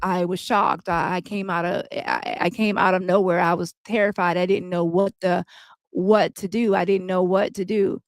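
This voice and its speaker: A woman's voice: on the low side, little pitch movement, no room sound, close to an everyday voice. A woman reading a shaken male trial witness. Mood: recounting. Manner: plain, halting recounting.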